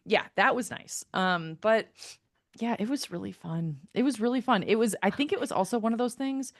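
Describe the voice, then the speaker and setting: A woman co-hosting a podcast, telling a story in a lively, casual way, full of "like" and the odd swear. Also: mid-range voice, moderate pace, no echo, clean studio sound. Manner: animated storytelling, filler-heavy, swears. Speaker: podcast co-host. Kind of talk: casual chat.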